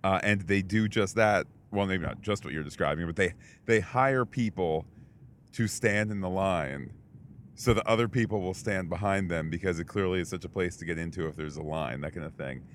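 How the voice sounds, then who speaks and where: A man's voice: low-pitched, normal speed, a little hiss or hum. A man co-hosting a podcast in casual chat, telling a story in a rambling way with many fillers and restarts. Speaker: podcast co-host.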